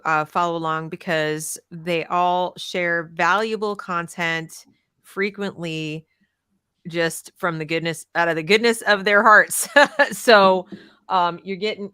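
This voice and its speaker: A woman hosting a panel discussion, effusive and chatty, thanking her guests warmly. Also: on the low side, fairly even intonation, slow, clean tone, no room sound, studio quality. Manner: warm, effusive, chatty with fillers. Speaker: host.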